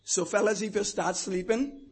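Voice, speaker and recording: A fervent older man preaches, his voice sitting unusually high for a man. He drops into quiet, confiding asides, then rises to ringing shouts to drive a point home. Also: fairly even intonation, moderate pace, slightly rough. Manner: fervent, swinging from hushed asides to shouted declarations. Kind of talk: sermon.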